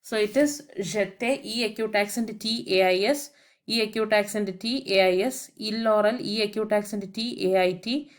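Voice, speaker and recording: Brief: a woman as patient language teacher, grammar voice-over, slow spelling of each word. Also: mid-range voice. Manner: methodical, spells words out letter by letter; explains each point with English translations. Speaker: French teacher.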